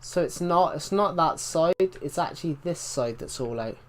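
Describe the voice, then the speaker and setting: A man's voice: on the high side, animated, moderate pace. A young British man chatting casually while live-streaming a game and reading out viewer comments, rambling with restarts and mild swearing. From Britain.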